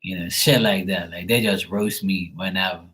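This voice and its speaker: A man chatting casually to camera, rambling and swearing freely in a relaxed way. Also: low voice, normal speed, low-quality recording. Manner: rambling, profane, laid-back. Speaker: tarot reader, channel host.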